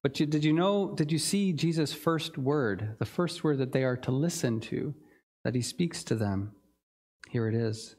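A male pastor delivers a sermon in an earnest, reflective voice. His pitch sits in an ordinary middle range, and he talks his way through the text with the odd filler and restart. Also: animated, measured pace, darkish tone.

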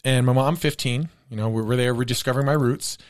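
A man's voice: medium pitch, fairly even intonation, fast. A man telling a long personal story in casual chat, laughing often.

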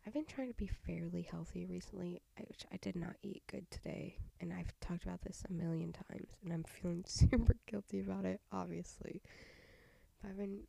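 A woman's voice: lowish voice, brisk, creaky, dark tone, no echo. A young woman with a stuffy nose hosting a casual solo podcast, rambling with half-whispered asides into a home mic. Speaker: podcast host.

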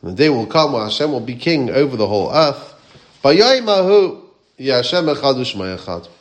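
A man's voice: medium pitch, expressive, fast. Man, rabbi teaching a Torah class; questions the listeners, quotes Hebrew and Aramaic sources.

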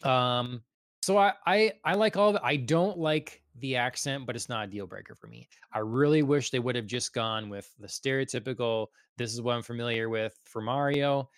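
A man co-hosting a podcast, easygoing and rambling, with lots of "um"s and "like"s. His voice sits at an ordinary middle pitch. It is recorded close and dry, with no room sound. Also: moderate pace, clean tone, no echo. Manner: relaxed, rambling, easygoing with frequent fillers. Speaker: podcast co-host. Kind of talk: casual chat.

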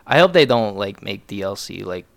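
A man's voice: on the low side, very animated, moderate pace, creaky, fairly bright tone, no room sound. A young man co-hosting a podcast, chatting casually and jokingly about video games, often trailing off and restarting. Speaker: podcast co-host. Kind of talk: casual gaming chat.

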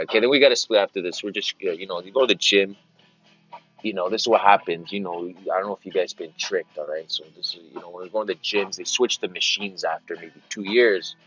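A man's voice: sits low, fairly bright tone, lo-fi sound. A man hosting a podcast in a rambling casual monologue, repeating himself and wandering between stories. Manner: meandering, repeats phrases, slips into silly greeter voices. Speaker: podcast host.

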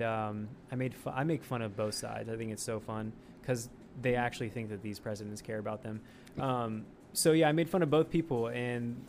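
A man's voice: medium pitch, a little hiss or hum. Laid-back, swearing male podcast host. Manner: laid-back, swears freely, eager reactions. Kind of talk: casual chat.

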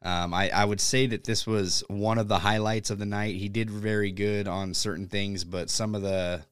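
Deep-voiced man in casual podcast chat. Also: normal speed, clean tone, no echo, clean studio sound. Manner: relaxed, filler-heavy, swears casually. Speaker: podcast host.

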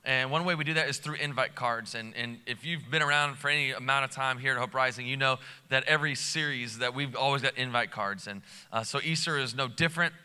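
A man's voice: medium pitch, a little fast, hardly any pauses, sharp tone, smooth. A man preaching a live church sermon as lead pastor, talking casually and with energy, full of fillers and restarts, in a large church auditorium. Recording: long hall reverb.

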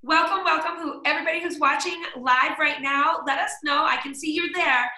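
A woman's voice: high voice, brisk, bright, forceful tone, reverberant, low-quality recording. A woman hosting a live-streamed interview, enthusiastic and affirming toward her guest. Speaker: host.

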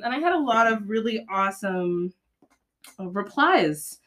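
A woman's voice: mid-range voice, animated, measured pace, a bit bright, a little hiss or hum. A young woman chatting casually as a podcast co-host. She tells stories animatedly, laughs often and slips into little acted voices for the people she quotes. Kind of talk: casual chat.

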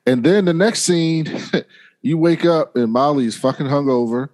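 A man's voice: a little high, unhurried, darkish tone. Laid-back man hosting a video-call chat. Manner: laid-back, profane, laughs often. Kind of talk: casual chat recapping a TV episode.

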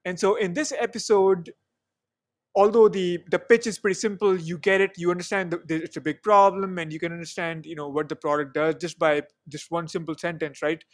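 A man with a fairly high voice hosts a podcast, talking in a loose, chatty way and often restarting his sentences. The sound is dry and close, with no room around him. He introduces the show and his guest casually. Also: fairly even intonation, brisk, no echo. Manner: chatty, self-correcting, frequent fillers. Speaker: podcast host.

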